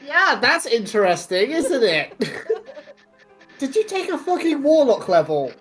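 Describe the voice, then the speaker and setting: Slow, sing-song woman player. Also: high-pitched, very animated, faint music behind. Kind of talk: casual chat at a tabletop game.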